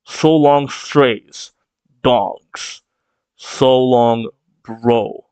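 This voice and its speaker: A man voicing a musician who slowly sings a grim song, in a slow sing-song reading. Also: medium pitch, steady tone, a little mellow, clear, resonant tone, no room sound, poor audio.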